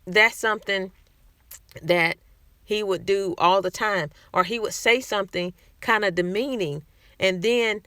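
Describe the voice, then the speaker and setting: Woman vlogging, candid and chatty, bright voice, dry sound. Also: medium pitch, unhurried, no room sound. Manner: candid, conversational, frequent restarts. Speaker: vlogger sharing personal experience. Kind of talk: casual talk to camera.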